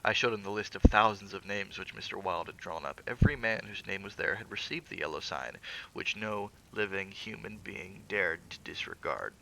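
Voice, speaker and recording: A man giving a measured, theatrical reading of a classic horror story aloud, with occasional stumbles. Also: deep voice, creaky, pushed and bright, a little hiss or hum, low-quality recording.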